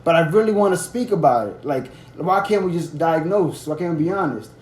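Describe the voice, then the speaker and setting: A man's voice: on the high side, lively intonation, a little fast, a little mellow. A young man in his twenties hosting a casual podcast, telling a loose, profane story and acting out the quotes. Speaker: podcast host. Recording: roomy echo, faint background noise.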